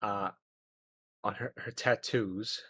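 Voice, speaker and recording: Low-voiced courtly man, dry mic. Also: fairly even intonation, takes it slowly, bright, forceful tone, breathy edge, no room sound. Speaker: player voicing a professor. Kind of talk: in-character tabletop role-play.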